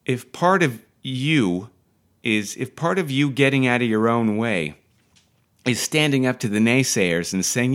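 A man's voice: mid-range voice, animated, measured pace, fairly bright tone. A man teaching acting on a podcast, talking casually and enthusiastically, with restarts and digressions. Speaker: acting coach.

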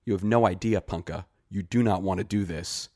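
A man reading a short story aloud and voicing a wary village herb woman who scolds in hushed tones. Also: low-pitched, a little fast, no room sound, studio quality. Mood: urgent, scolding.

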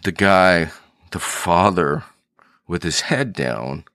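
Podcast host, man, deep unhurried voice, earnest storyteller, close dry mic. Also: expressive, fairly bright tone, dry recording. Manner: earnest storyteller, thinking aloud with restarts. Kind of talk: reflective solo podcast talk.

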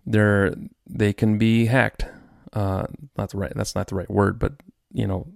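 A man's voice: lowish voice, level tone, unhurried, gravelly, a little mellow, dry recording, studio quality. A man hosting his own podcast, ranting in a frustrated, rambling way with many restarts. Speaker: podcast host. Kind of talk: solo podcast rant.

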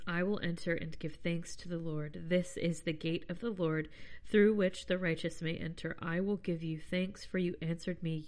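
Low-voiced woman reading psalms aloud. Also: a little mellow. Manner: chatty, self-deprecating asides. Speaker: podcast host. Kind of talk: reading scripture aloud with casual asides.

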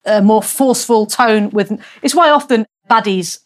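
An English woman hosting a podcast interview, lively and quick to react. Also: fairly high pitch. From England. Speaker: podcast host.

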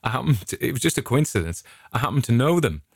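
A man's voice: medium pitch, big pitch swings, quick pace, gravelly, darkish tone, slightly rough, no room sound, clean studio sound. A middle-aged English man telling stories in a casual, rambling monologue, chatty and full of digressions. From England. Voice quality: chatty anecdotal storyteller, digressive. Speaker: vlogger.

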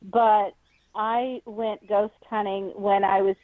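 A woman's voice: medium pitch, flat delivery, slow, dry recording. Woman guest on a tinny phone line. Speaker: author and paranormal researcher, guest. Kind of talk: interview answers.

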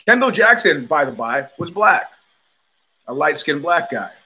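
A man's voice: fairly high pitch, measured pace. An older man with a New York accent hosting a livestream, telling stories bluntly and with swagger, often restarting his sentences. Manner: blunt, animated storytelling with frequent restarts and profanity. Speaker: show host. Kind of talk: casual livestream monologue.

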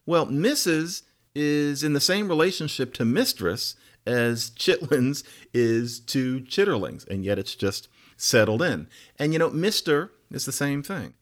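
A man hosting a podcast, giving a conversational lecture on words, musing with quick asides and rhetorical questions. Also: mid-range voice, animated. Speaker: podcast host.

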